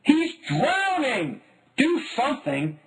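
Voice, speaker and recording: Frantic mother, high and strained; male narrator doing the voice. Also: wildly swooping pitch, slightly rough, exaggerated voice, low-quality recording. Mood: panicked. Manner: high, strained, drawn-out cries. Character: frantic mother at a picnic, shrill.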